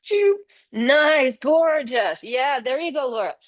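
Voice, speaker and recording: An older woman teaching a yoga class, giving steady cues and praising students by name. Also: a little high, measured pace, no room sound. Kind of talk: live yoga class instruction. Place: yoga studio.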